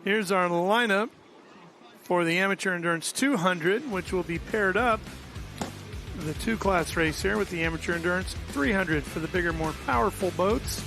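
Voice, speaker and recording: A man commentates on a race in a brisk, enthusiastic broadcast manner. His voice sits high. Music plays clearly behind him.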